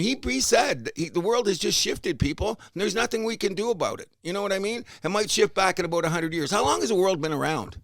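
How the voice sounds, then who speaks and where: A Canadian man co-hosting a casual sports podcast, loud and rambling, swinging between shouting and muttering. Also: a little high, no echo. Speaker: podcast co-host.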